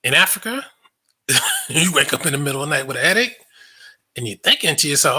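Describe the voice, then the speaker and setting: A man's voice: on the high side, big pitch swings, brisk, pauses often, bright, forceful tone, husky. A man hosting a casual commentary monologue, blunt and sarcastic, swearing freely and laughing often. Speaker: online show host.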